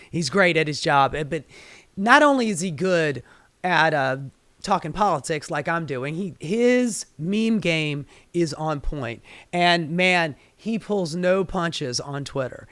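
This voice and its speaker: A woman hosting her own political commentary show, delivering a profane, heated rant that swings between low muttering and loud outbursts. Her voice is getting strained. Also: no echo.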